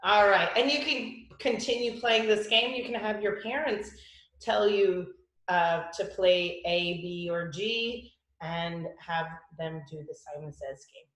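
A woman music teacher giving a children's lesson, with slow, clear, patient instructions. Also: medium pitch, a bit bright, reverberant.

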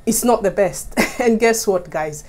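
A woman's voice: mid-range voice, unhurried, darkish tone. A woman from Kenya talking casually to her viewers in a vlog, chatty and often laughing as she keeps addressing them directly. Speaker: YouTube vlogger. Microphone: mic set up in front of her.

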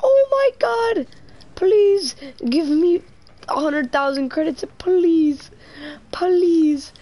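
A woman's voice: very high voice, animated, extremely slow, warm tone, pitched above the performer's own voice, full character voice. A woman voicing a whiny, greedy young player who begs over and over for free items. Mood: whiny pleading. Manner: pleading, repeating "please" over and over.

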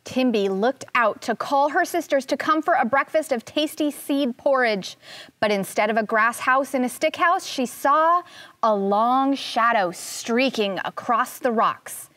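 A woman teaching first grade, reading a picture book aloud in a slow, expressive way and asking the children questions. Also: high voice, no echo.

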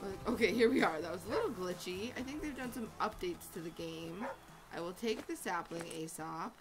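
Chatty woman gamer over loud music. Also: medium pitch, lively intonation, brisk, poor audio. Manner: chatty, talks to her in-game dog, frantic repeated cries when in trouble. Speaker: gaming channel host. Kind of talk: let's play commentary. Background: loud game music.

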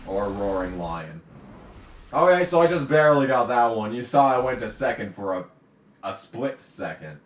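A man giving let's play commentary while racing, ranting and swearing, now and then bursting into shouts at the game. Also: mid-range voice, very animated, normal speed, echoey room, recorded from a distance. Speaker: gamer commentating his own play.

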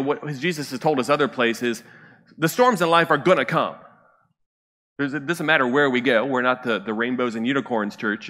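A man's voice: medium pitch, a bit bright, long reverb tail. A man preaching a sermon as pastor in a conversational way, often checking in with the congregation. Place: church sanctuary.

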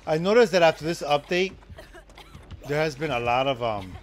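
A man streaming a live game, joking with chat and breaking into loud excited shouts. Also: fairly high pitch, normal speed. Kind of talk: live gameplay commentary.

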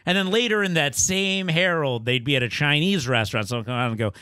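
A man hosting a comedy podcast in casual chat, rambling and joking in quick bursts. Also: a little high, sharp tone, clear, resonant tone, dry recording. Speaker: podcast host.

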